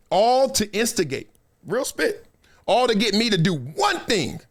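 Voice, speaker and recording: Animated high-voiced male storyteller. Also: moderate pace. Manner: animated, acts out quotes in voices; slangy, repeats phrases for effect. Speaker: show host. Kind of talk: casual storytelling monologue.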